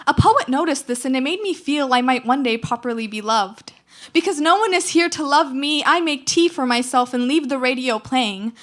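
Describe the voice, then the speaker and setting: Teen girl slam poet, high voice, rhythmic and emphatic recitation with weighty pauses. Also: lively intonation, a bit bright. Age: teens. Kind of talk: spoken word poetry performance.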